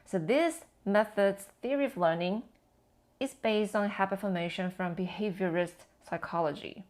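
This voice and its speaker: A woman educator giving a scripted lesson on language teaching, with measured, explanatory delivery. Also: medium pitch, a little mellow. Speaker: TESOL educator.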